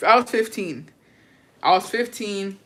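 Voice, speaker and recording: A woman's voice: mid-range voice, animated, measured pace, a bit bright. A young adult woman telling a story in a casual vlog chat, brash and profane, dramatic, and dropping in Spanish phrases. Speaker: vlogger.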